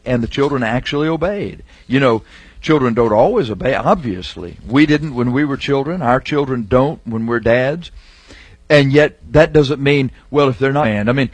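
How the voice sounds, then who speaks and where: Husky-voiced man preaching a sermon. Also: medium pitch, dry recording. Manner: emphatic, slows down to stress scripture phrases.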